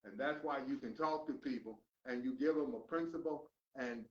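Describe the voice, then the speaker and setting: An older man teaching a recovery class, lecturing in a preachy way and swinging between loud emphatic questions and low mutters. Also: normal speed. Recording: roomy, distant, dull lo-fi room recording.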